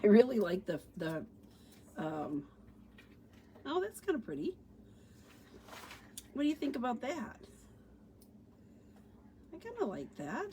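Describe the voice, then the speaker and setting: A woman's voice: a little high, huge pitch swings, slow pace, pauses often, mellow, slight background noise. A middle-aged woman demonstrating paper crafts on a casual livestream, chatty and thinking aloud, with fillers and a touch of allergy sniffles. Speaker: stamping demonstrator.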